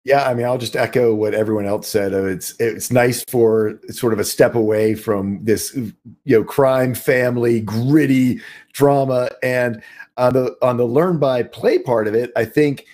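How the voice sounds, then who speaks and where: Mellow-voiced man, measured. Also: mid-range voice. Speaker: tabletop player. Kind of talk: casual chat. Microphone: video call.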